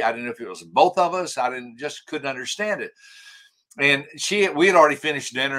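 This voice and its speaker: An older man, an author and trainer appearing as a podcast guest, tells a story in a bright, forceful, mid-range voice. Animated throughout, he performs each quoted line and stumbles as he restarts.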